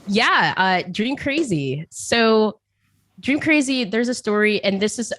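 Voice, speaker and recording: A woman esports caster, appearing as a podcast guest, rambles chattily in a casual interview about her casting work, laughing often and repeating words. Her voice is on the high side and fairly bright, with lively intonation and a slow pace.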